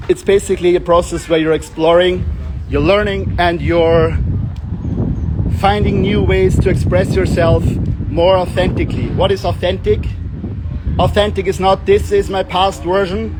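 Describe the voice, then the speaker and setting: A young man with a high-pitched voice talks casually as a self-development coach. He rambles and jokes, and slips into acted-out voices for the people he describes. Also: darkish tone, a little hiss or hum. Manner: joking, rambling, acts out quoted voices. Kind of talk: casual monologue with playful voice demonstrations.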